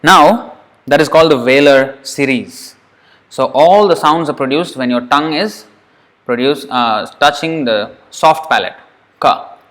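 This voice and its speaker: Man slowly sounding out Sanskrit syllables. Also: on the high side, a bit bright. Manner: demonstrates each syllable aloud and repeats it patiently. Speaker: Sanskrit pronunciation teacher. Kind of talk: recorded lesson.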